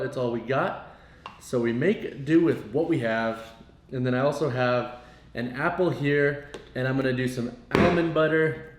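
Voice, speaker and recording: A man's voice: medium pitch, slight background noise. Young guy w a missouri accent vlogging in his kitchen, jokey, roomy echo. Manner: chatty, jokey, talks to the camera. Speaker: fitness vlogger. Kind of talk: casual vlog narration. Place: home kitchen. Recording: roomy home sound with faint music.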